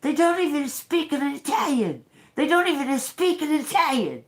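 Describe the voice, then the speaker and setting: A woman imitating an angry man ranting in the street, in an indignant, high mocking tone. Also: sing-song, normal speed.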